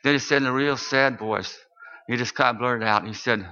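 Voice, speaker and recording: A man's voice: medium pitch, moderate pace, sharp tone. An older man, a minister, telling a story in a sermon with earnest, sometimes fervent delivery. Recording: dull lo-fi recording.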